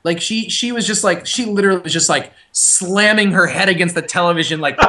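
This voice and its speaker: Young man, bright voice, animated storyteller, casual podcast chat, frequent restarts. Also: high-pitched, normal speed. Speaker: podcast co-host.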